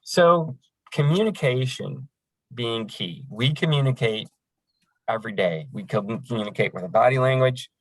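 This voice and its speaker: A man's voice: mid-range voice, normal speed, dry recording, low-quality recording. A man running a crisis line training session in a conversational, folksy way, with frequent fillers. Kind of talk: training lecture.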